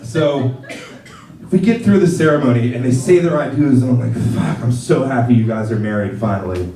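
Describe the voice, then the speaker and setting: A man doing stand-up comedy, telling a story in a profane, animated way and acting out the quotes as he goes. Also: mid-range voice, moderate pace. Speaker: wedding professional. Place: comedy theater stage. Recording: roomy live stage sound from a distance. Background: audience laughter.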